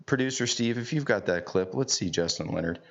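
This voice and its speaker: A man's voice: lowish voice, lively intonation, a little fast, creaky. A middle-aged man teaching golf, chatty and folksy with joking asides. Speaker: golf instructor. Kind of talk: on-course instruction. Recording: dull lo-fi sound.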